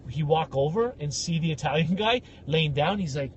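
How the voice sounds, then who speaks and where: Podcast co-host, male, high animated voice; tells stories and does everyone's voices. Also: normal speed, dull audio, a little hiss or hum. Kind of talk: casual storytelling rant.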